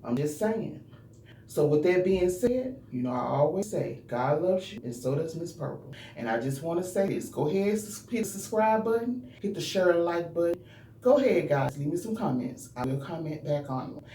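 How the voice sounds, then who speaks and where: A woman's voice: on the low side, animated, normal speed, mellow, far from the mic. A woman vlogger, telling a personal story earnestly and talking straight to her viewers. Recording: roomy, from off the mic, faint hum.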